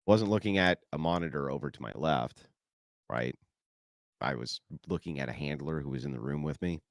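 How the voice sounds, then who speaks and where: A man's voice: a bass voice, moderate pace, vocal fry, dry recording, clean studio sound. A man hosting a stream, giving sarcastic, profane, mocking commentary. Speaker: streamer host.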